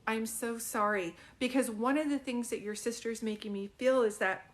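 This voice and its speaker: A young woman giving a live psychic reading to a viewer, talking in a drowsy, halting and emotional way, full of fillers and restarts. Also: fairly high pitch. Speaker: psychic medium.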